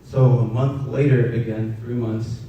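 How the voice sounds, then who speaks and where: Soft-spoken young man, gravelly and far off. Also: flat delivery. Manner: halting, soft-spoken, many fillers. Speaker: storyteller. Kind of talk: personal storytelling. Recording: roomy, distant, dull with faint rumble.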